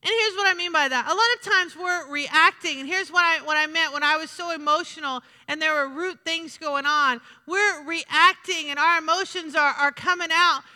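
Woman preacher, high and very bright voice, chatty repetitive sermon, long hall reverb. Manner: conversational, repetitive, asks the congregation questions.

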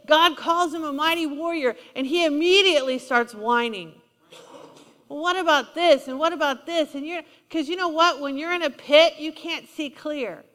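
A woman's voice: sits high, fairly bright tone. A woman preaching a sermon in a conversational, emphatic way, often asking the congregation questions. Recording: long hall reverb.

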